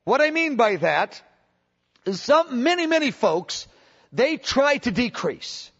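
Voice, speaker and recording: High-voiced impassioned male preacher. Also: big pitch swings, takes it slowly, fairly bright tone. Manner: impassioned, with many restarts and acted-out quotes. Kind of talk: sermon teaching. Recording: dull lo-fi sermon recording.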